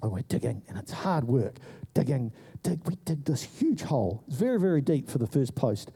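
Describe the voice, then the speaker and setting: Animated New preacher, man. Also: mid-range voice, normal speed, slightly rough. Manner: animated storyteller who acts out voices. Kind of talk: sermon storytelling.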